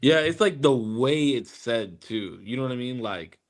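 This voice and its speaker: A man's voice: mid-range voice, expressive, moderate pace. A young man co-hosting a podcast, reflective and blunt, swearing casually in chat. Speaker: podcast co-host.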